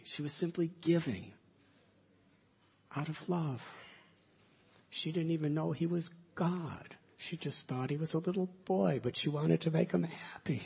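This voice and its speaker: A man telling devotional stories as a spiritual teacher, soft-spoken, with slow, drawn-out phrasing. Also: a little high, creaky, husky, highs cut off. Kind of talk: devotional storytelling talk.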